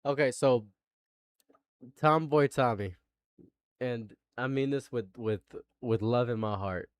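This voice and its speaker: Stammering streamer, dry close sound. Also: male voice, mid-range voice, slow, smooth, no echo. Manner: laughing, stammering restarts, rising to exasperated rants. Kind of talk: live-stream commentary.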